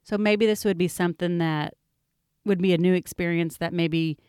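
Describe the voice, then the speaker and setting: A woman's voice: lowish voice, steady tone, moderate pace, a little mellow, smooth, no echo, clean studio sound. A woman co-hosting a podcast with a Texan accent, talking frankly and reflectively in casual conversation. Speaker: podcast co-host.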